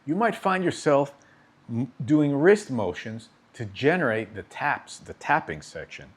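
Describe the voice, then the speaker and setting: A man demonstrates drum technique in an unhurried, patient way, explaining each point and frequently checking in with "okay?" His mid-range voice is very animated, and there is a little hiss or hum on the recording.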